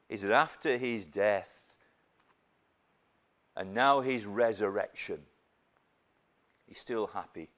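A preacher from the north of England delivers a sermon at an unhurried, deliberate pace. His pitch moves a great deal, rising for emphasis and then falling to hushed, gentle passages. The delivery stays earnest throughout. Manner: slow and emphatic, lively swings of pitch and loudness, dropping to soft near-whispers.

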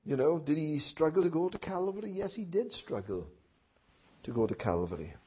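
A man preaching a sermon who swings from hushed asides to loud impassioned outcries, with many rhetorical questions to his listeners. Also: a little high, very animated, moderate pace, breathy edge. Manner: tag questions and rhetorical questions to the congregation. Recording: dull lo-fi recording.

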